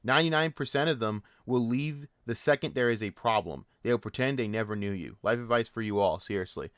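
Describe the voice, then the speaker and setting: A man's voice: medium pitch, a little fast, a bit bright, no echo, clean studio sound. A man hosting a commentary channel, ranting in a profane, mocking and exasperated way.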